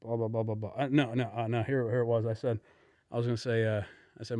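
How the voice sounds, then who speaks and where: Podcast co-host, man, profane animated storyteller; dry close sound. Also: mid-range voice, fast, dry recording. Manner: profane storytelling, acts out quotes. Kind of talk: casual podcast chat.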